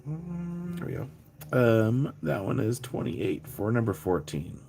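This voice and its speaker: A man's voice: mid-range voice, big pitch swings, measured pace, vocal fry, warm tone, slight background noise. A man hosting a live rock sale stream, chatting casually and rambling, laughing often as he packs boxes and calls out numbers.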